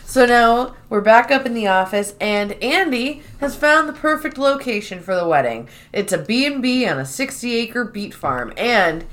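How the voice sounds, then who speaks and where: A woman's voice: on the high side, big pitch swings, normal speed, hardly any pauses, a bit bright. A woman co-hosting a casual podcast, animatedly retelling a TV episode and acting out the characters' lines. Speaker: podcast co-host recapping a TV episode. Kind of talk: casual chat.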